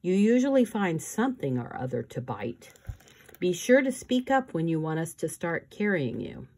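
Woman reader as a cheerful, practical teenage girl inventor, calm and low. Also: normal speed.

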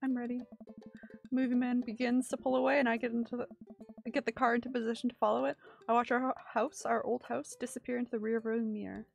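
A woman's voice: on the high side, flat delivery, fast talker, creaky. Woman reading as a sentimental dad in a game. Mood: fond. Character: easygoing middle-aged single dad, sentimental. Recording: quiet music under the voice.

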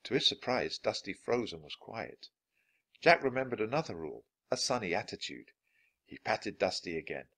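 Low-voiced man reading a children's book. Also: big pitch swings, sharp tone. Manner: clear and deliberate for learners. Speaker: storybook reader. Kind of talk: children's book read-aloud.

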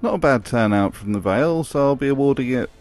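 A man's voice: mid-range voice, expressive, fast talker, darkish tone. A man giving a scripted narration with dry, wry humour. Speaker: video narrator.

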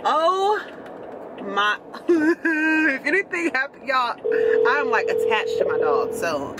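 A woman's voice: takes it slowly, heavy background noise. Chatty young woman vlogging. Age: 20s. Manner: chatty, animated storytelling, high-pitched when quoting others. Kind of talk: casual chat.

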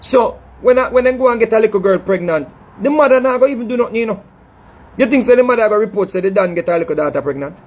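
Speaking fast in a high, husky, animated voice, this middle-aged Jamaican man is a dancehall artist lecturing his crowd. His monologue is passionate and reproachful, full of repeated phrases and stumbles.

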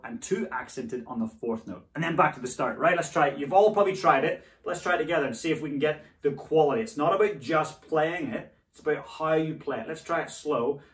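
Guy coaching a drum lesson, counts the sticking out loud, roomy sound, a bit off mic. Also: a little high. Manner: encouraging, coaching, counts rudiments aloud. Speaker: drumming teacher. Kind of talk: instructional lesson. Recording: echoey room, voice a bit far from mic.

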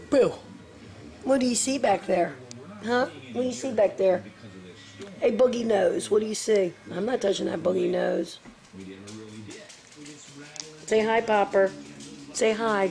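A woman's voice: mid-range voice, creaky, a little mellow. A mother talking baby talk to her infant son at home, coaxing him with sing-song, repetitive prompts.

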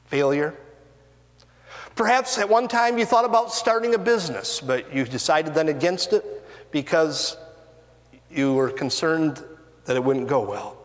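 A man pastor preaching a sermon in a church sanctuary, earnest and deliberate, with rising and falling emphasis. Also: on the high side. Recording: long reverb of a church hall.

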